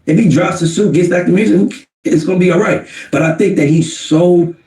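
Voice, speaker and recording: A man's voice: high voice, brisk, darkish tone, recorded from a distance. A man arguing emphatically in a casual podcast debate, repeating his points for effect. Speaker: podcast co-host in played clip. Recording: roomy, off-mic podcast clip.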